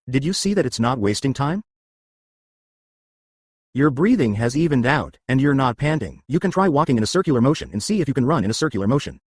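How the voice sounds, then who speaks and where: Husky, lively-voiced male exercise instructor. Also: mid-range voice, no room sound, clean studio sound. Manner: instructive, often checks with listeners. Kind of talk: spoken exercise lesson.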